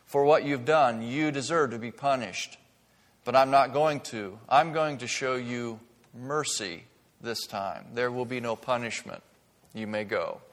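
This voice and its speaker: Stern but merciful father, read by a male preacher, firm and hushed, slow, quiet, long reverb behind. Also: medium pitch, close to an everyday voice. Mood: firm, gentle. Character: stern but merciful father speaking to his young son.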